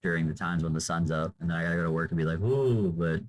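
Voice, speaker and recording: A man's voice: low-pitched, completely flat delivery, very fast, a little hiss or hum, poor audio. A young man vlogging off the cuff, tired and drained, talking in a loose, meandering way with lots of fillers and trailing off. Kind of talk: unscripted rambling monologue.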